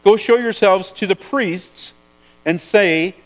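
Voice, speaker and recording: A man's voice: sits high, slow pace, rough recording. A man preaching a sermon in an earnest way, often repeating words as he searches for the phrasing.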